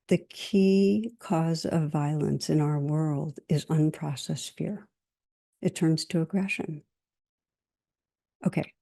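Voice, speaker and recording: Low, mellow woman giving a dharma talk. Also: creaky. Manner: gentle, reflective, with measured pauses. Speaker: meditation teacher.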